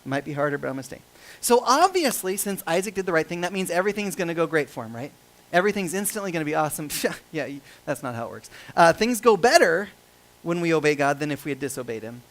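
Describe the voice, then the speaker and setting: A man's voice: fairly high pitch, sing-song, fast, a bit bright, rough recording. A male pastor preaching a sermon in a conversational, joking and self-deprecating way.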